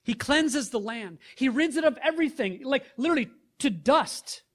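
A man preaching a sermon, reading scripture aloud and then pressing the listeners with rhetorical questions, rising loud and dropping soft. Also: extremely high pitch, lively intonation, moderate pace. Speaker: pastor.

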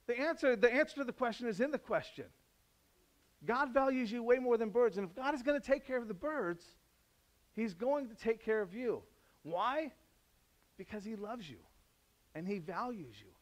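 A man preaching a sermon in a conversational way, climbing to loud, emphatic peaks and dropping to soft, low passages. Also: expressive, moderate pace, long pauses. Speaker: pastor.

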